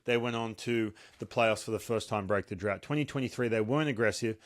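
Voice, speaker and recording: A man hosting a casual sports talk show, lively and joking. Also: fairly low pitch. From Australia. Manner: lively, joking, quick banter.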